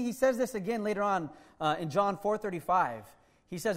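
A male pastor preaching a sermon in a conversational, animated way, with self-deprecating asides. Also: high voice, fairly quick.

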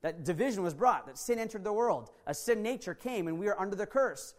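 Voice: medium pitch, animated, a little fast. A preacher giving a sermon, earnest and repetitive, often restarting sentences. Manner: earnest, repeats key phrases, restarts sentences.

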